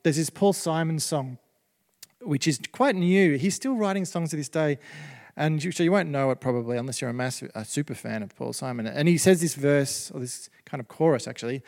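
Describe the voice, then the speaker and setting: A man's voice: a little high, animated, normal speed, a little mellow, long reverb tail. A man preaching a sermon as pastor, conversational, with many fillers and restarts.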